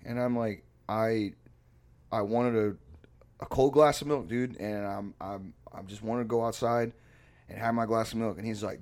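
A man chatting on a casual podcast, his pitch middling and his delivery lively and uneven. He swears freely and gets loud and animated when he acts out the people in his story. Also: moderate pace. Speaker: podcast co-host. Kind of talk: casual chat.

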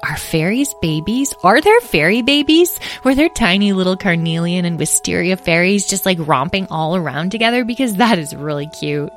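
A woman voicing an excitable, chatty young dragon boy who rattles off bubbly questions for a storybook. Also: lowish voice, normal speed, hardly any pauses, soft background music, close to an everyday voice. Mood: excited.

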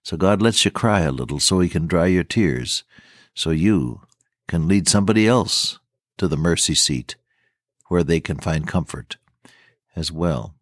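Low-voiced earnest male preacher. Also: no echo, studio quality. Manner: earnest, fervent, older-style preaching with scripture quotes. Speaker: radio preacher. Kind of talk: sermon.

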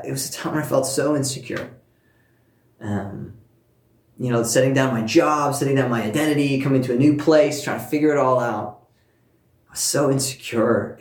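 A man preaching a sermon, telling a personal story with warmth and earnest emphasis, speaking to listeners at home. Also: mid-range voice, roomy sound. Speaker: pastor.

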